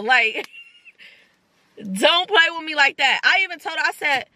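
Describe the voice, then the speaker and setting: A young woman vlogger telling a personal story in casual chat, acting out the dialogue in quick, animated bursts. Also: sits high.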